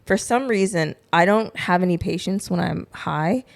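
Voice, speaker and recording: A woman's voice: lowish voice, normal speed, vocal fry. A young woman co-hosting a podcast, rambling through a story in casual chat and giggling often. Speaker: podcast co-host.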